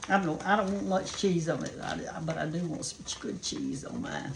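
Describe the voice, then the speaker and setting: Southern woman host, older, folksy kitchen chat, sizzling pan clearly behind her. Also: low-pitched, huge pitch swings, normal speed, hardly any pauses, a little hiss or hum. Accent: Southern American. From American South. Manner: folksy, homey, talks to viewers as y'all and honey. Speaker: cooking show host. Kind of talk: chatty home cooking demonstration. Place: home kitchen. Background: frying and sizzling of cooking.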